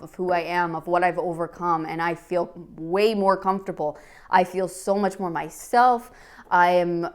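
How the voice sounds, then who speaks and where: A woman giving an animated, encouraging tarot card reading to camera, often checking in with "okay?". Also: lowish voice, clear, resonant tone. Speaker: tarot reader.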